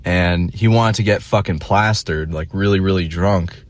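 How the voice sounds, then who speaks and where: A man's voice: low-pitched, moderate pace. A young man telling a rambling, self-deprecating story in a casual vlog monologue, full of fillers and restarts.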